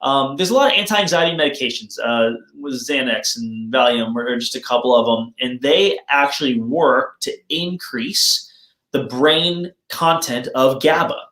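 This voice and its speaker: A man's voice: medium pitch, unhurried, bright, forceful tone. A man speaking as a chiropractor in a casual, friendly health presentation, explaining things plainly and joking about himself now and then. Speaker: chiropractor giving a health talk. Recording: roomy echo.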